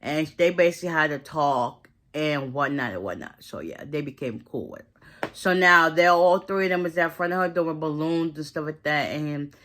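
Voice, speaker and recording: A woman with a fairly low, sharp, bright voice chats through a movie recap. She talks in loose, slangy run-ons and slips into quick impressions of each character's lines. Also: lively intonation. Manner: chatty, slangy retelling that acts out the characters' lines.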